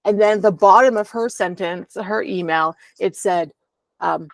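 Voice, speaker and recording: A woman's voice: medium pitch, unhurried, no room sound. Candid woman telling her story. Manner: candid, rambling, frequent ums. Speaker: podcast guest. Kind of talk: personal storytelling in conversation. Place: at home.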